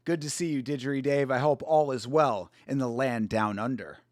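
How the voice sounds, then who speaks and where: A man's voice: medium pitch, brisk, dry recording, clean studio sound. A young man hosting a live fight watch-along stream, chatting casually, swearing and greeting viewers by name.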